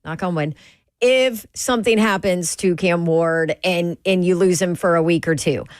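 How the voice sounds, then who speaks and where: Female co-host, lower-pitched, chatty and animated, dry studio sound. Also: no echo. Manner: chatty, animated, quick back-and-forth. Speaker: sports radio co-host. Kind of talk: casual sports talk.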